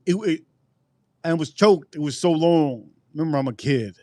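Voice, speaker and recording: A man's voice: fairly high pitch, expressive, moderate pace, a little mellow, no room sound. A man rambling through a casual live-stream food review, repeating himself and answering his chat. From United States.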